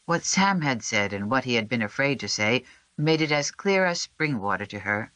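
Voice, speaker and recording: Audiobook narrator, even measured delivery, dry studio sound. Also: medium pitch, no echo. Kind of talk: scripted narration.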